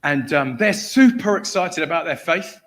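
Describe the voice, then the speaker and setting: A man's voice: a little high, moderate pace. A man preaching at a church, telling a story with acted-out voices and frequent laughter. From England. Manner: animated storyteller, acts out shouted voices, laughs often. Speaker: guest preacher. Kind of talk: sermon storytelling.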